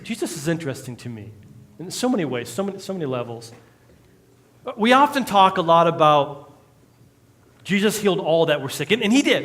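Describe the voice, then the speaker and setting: A man's voice: a little high, fairly bright tone. A male pastor, preaching a conversational sermon with jokes and acted-out quotes in a church. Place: church sanctuary.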